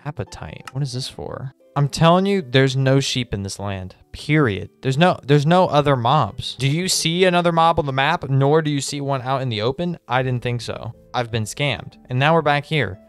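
A man giving excitable, chatty gameplay commentary and talking straight to his viewers. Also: mid-range voice, normal speed, few pauses, clear, resonant tone, soft background music. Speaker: gaming video host.

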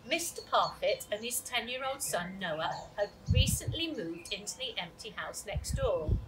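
A woman reads a children's chapter book aloud in a lively, expressive storytelling voice of middling pitch. The recording sits a little far from the mic, with a clear steady hiss behind it. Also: a little slow, few pauses. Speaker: children's author reading aloud. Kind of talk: storybook reading.

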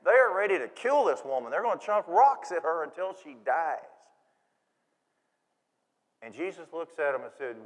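A man preaching a sermon in a church, folksy and animated, acting out quoted voices. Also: fairly high pitch, normal speed. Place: church sanctuary. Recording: long reverb of a church hall.

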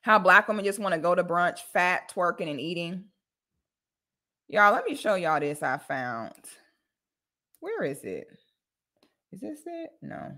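A woman from Florida hosting a casual commentary livestream, talking bluntly and animatedly with loud exclamations. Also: on the low side, big pitch swings, a little slow, pauses often. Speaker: livestream host.

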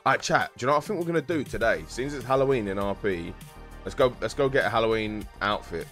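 A man's voice: medium pitch, lively intonation, fast talker, fairly bright tone, faint music behind. A young man chatting casually with his live-stream viewers while gaming, joking around and using slang. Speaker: game streamer.

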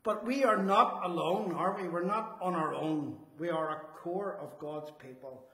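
A man preaching a sermon, earnest and emphatic, slowing down on his key phrases. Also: high voice, sharp tone. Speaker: Salvation Army officer preaching. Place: church hall. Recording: echoey church hall.

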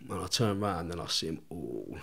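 A man's voice: low-pitched, a little fast, vocal fry, slightly rough. Foul-mouthed man telling a story. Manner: swears constantly, animated storytelling with laughs. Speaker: podcast guest. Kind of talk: storytelling in casual chat.

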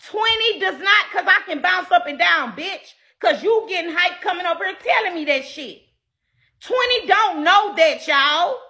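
Brash woman streamer, high and bright, ranting loudly and profanely at her live chat with a wildly swinging pitch. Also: lively intonation, moderate pace. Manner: loud and combative. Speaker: livestreamer.

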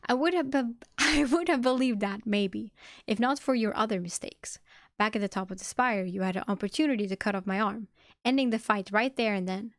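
A woman voicing an angry young man who loudly accuses a rival in an audiobook reading. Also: medium pitch, fast talker, no echo, studio quality, lightly acted. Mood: accusing. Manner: intense, accusing, loud.

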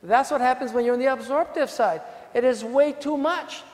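A man with an accent giving an animated, joking conference talk to a room of lawyers. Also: very high-pitched, normal speed. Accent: non-native English. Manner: animated, profane, jokes with the audience. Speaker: defense attorney presenting at a legal seminar. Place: hotel conference hall. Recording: long hall reverb.

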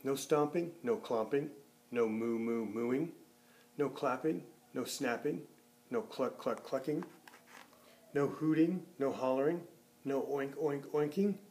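A man reading a children's picture book aloud, expressive, lifting his voice for the characters and dropping low and soft at the ends of sentences. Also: takes it slowly. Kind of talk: storybook read-aloud.

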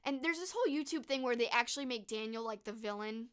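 A young woman streaming from her desk, talking fast and freely as she reads out viewer comments. Her voice sits a touch high, and she gushes, stacking fillers between thoughts. It sounds like a casual one-person chat into a desk mic. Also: a bit bright, clean tone. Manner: gushing, chatty, full of fillers.

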